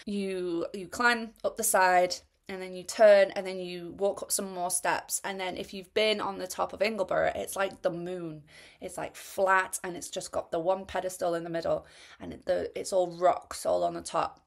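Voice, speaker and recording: A woman's voice: on the low side, fairly even intonation, moderate pace, gravelly. A young woman telling a rambling, chatty story about running an ultra race. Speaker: runner reviewing a race. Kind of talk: casual spoken race recap.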